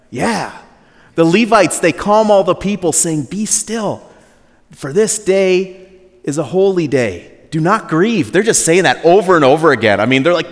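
A pastor preaching a sermon in a relaxed, conversational way, joking with the congregation and acting out quotes in a higher voice. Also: male voice, unhurried, pauses often. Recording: long reverb of a large hall.

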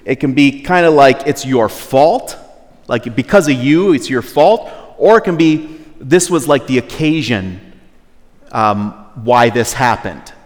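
A man preaching a sermon in a relaxed, conversational way, at times exasperated. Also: mid-range voice, measured pace. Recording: long hall reverb.

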